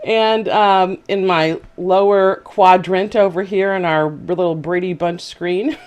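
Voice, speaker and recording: A woman's voice: lowish voice, steady tone, takes it slowly, a little mellow, dull audio. A woman hosting a casual video chat show, talking in a chatty, hesitant way with many fillers. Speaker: host.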